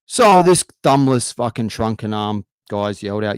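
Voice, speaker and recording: A man's voice: mid-range voice, brisk, hardly any pauses, no room sound. A young adult Australian man doing a rambling, swearing stand-up set over a livestream. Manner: swearing, rambling, conversational storytelling. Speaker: stand-up comedian.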